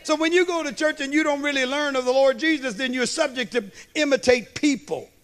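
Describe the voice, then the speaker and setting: A man preaching a sermon as a pastor, slow and emphatic, tossing in "amen" and questions to the congregation. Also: very high-pitched, fairly bright tone. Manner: preaching with call-and-response asides; slow, emphatic delivery with storytelling.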